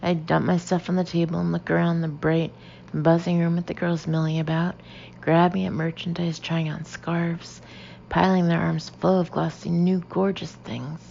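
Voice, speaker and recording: Female audiobook narrator, low gravelly voice, lively reads, dull lo-fi sound with faint hiss. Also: moderate pace. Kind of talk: first-person audiobook narration.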